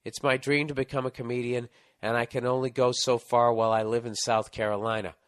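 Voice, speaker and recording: A man's voice: medium pitch, flat delivery, fairly quick, no room sound, clean studio sound. A middle-aged man hosting a podcast, ranting and telling stories with lots of swearing as he reads a listener's letter. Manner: profane ranting, storytelling. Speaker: podcast host reading listener advice letters. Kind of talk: casual podcast chat.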